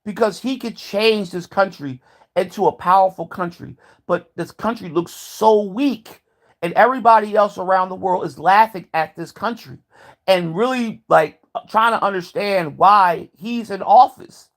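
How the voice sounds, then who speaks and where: A man's voice: high-pitched, a little slow, a bit bright. A man vlogging a heated, profane rant, repeating himself as he builds his point. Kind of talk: ranting commentary.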